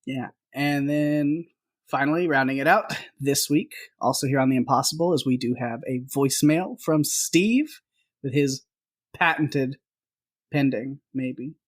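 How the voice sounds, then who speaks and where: A man's voice: mid-range voice, a little slow. A man co-hosting a casual podcast, easygoing and laughing often as he chats. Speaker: podcast co-host.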